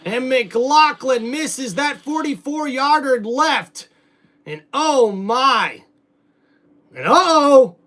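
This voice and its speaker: A man hosting a livestream, calling football play-by-play and chatting with viewers, shouting when big plays happen. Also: very high-pitched, expressive, drawn-out words. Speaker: livestream host doing play-by-play. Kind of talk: live play-by-play and chat reaction.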